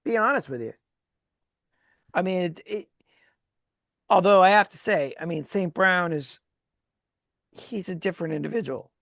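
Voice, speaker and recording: Woman co-host, gravelly low-ish voice, lively storyteller, dry close sound. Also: normal speed, pauses often, no room sound. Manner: lively storyteller who laughs often. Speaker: podcast co-host and former sports agent. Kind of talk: casual sports chat.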